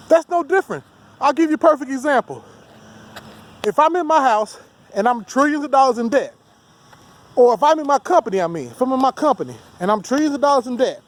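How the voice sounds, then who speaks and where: A man delivering a heated, profane, rambling rant as a solo vlogger. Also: very high voice. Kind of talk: ranting monologue to camera.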